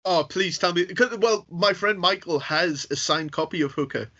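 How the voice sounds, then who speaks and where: A man hosting a casual interview, reacting eagerly and excitably to his guest's stories. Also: sits high, normal speed. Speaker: podcast host. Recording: slightly dull lo-fi sound.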